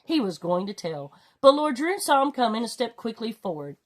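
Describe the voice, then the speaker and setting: A woman reading a children's storybook aloud with expressive, dramatic delivery. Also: moderate pace. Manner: expressive, swinging pitch for drama. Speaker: storybook reader. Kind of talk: read-aloud storybook narration.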